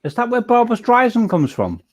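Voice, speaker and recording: An Englishman hosting a casual online voice chat, rambling with halting restarts. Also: extremely high pitch, wildly swooping pitch. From England. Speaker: chat host.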